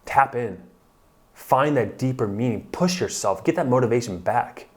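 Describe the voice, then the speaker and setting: A man's voice: medium pitch, lively intonation, normal speed, a little mellow. A man coaching husbands in a blunt, pushy motivational talk, swearing for emphasis. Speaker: marriage coach.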